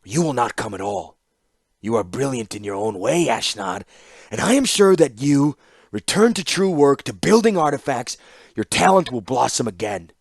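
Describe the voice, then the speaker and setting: Man putting on a grim older warlord, raised loud voice, slow and forceful, dry sound. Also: mid-range voice, very animated, no echo, pitched above the performer's own voice.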